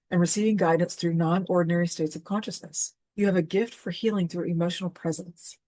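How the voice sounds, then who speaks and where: Low-voiced woman telling earnest stories. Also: darkish tone, dry recording. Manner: earnest, conversational, candid. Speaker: host. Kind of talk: personal storytelling and spiritual teaching.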